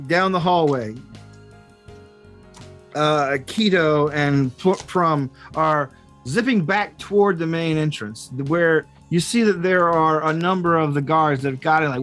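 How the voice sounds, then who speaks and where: Game master: a man with a somewhat high voice who narrates loosely and fills gaps, with faint guitar music underneath. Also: takes it slowly, a bit bright. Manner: rambling, with many fillers and restarts.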